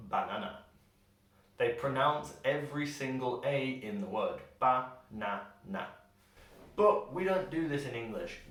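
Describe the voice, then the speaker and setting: A man teaching English pronunciation, slowing down and stretching words to show each sound. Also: mid-range voice, a bit bright, far from the mic. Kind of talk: pronunciation lesson. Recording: very echoey room, voice set back from the mic.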